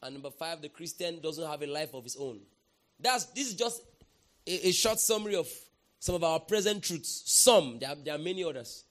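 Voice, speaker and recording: A man preaching a sermon as pastor, emphatic, often asking the congregation to respond and bursting into shouts. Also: fairly high pitch, expressive, normal speed.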